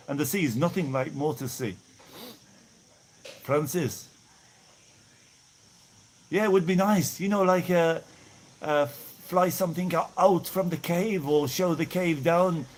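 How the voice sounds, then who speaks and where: This middle-aged man from Birmingham, England, talks a little slowly with long pauses, his pitch fairly high. Out in hot weather, he chats on a live stream, reading viewer messages and naming those he thanks.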